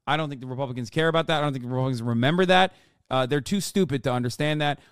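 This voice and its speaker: A man's voice: medium pitch, rapid-fire, clear, resonant tone, no echo, clean studio sound. A man hosting a livestream, giving profane, ranting political commentary with mocking asides. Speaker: livestream host.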